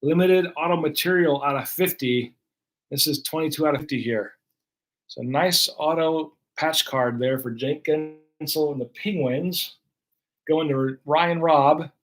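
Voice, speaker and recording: Casual male card-break streamer, slightly higher voice, loose running commentary. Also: a little slow. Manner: chatty, running play-by-play of cards.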